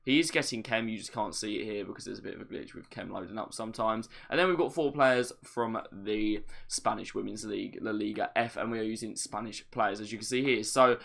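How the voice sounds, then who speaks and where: A man's voice: fairly low pitch, brisk, gravelly, hardly any pauses, a bit bright. A young man giving a casual, chatty walkthrough of a video game, explaining each step plainly with light self-deprecating asides. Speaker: gaming video creator. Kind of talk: casual gameplay tutorial commentary.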